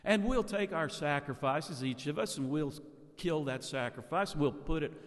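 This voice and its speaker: A man's voice: fairly high pitch, expressive, moderate pace, in a large hall, natural voice. A man preaching who quotes a bold lone prophet in his own voice, challenging and taunting.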